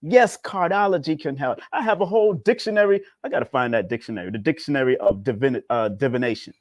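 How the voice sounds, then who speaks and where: Man, spiritual teacher type, casual preachy talk with big pitch swings, dry recording. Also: fast talker, no echo.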